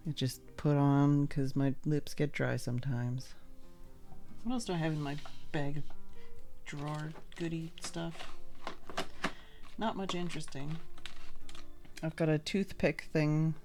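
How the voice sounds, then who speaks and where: A woman's voice: low-pitched, steady tone, measured pace, long pauses, dark tone, faint music behind. A woman hosting a casual livestream, chatting in a rambling way and laughing often. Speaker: livestream host. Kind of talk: casual chat while making art on stream.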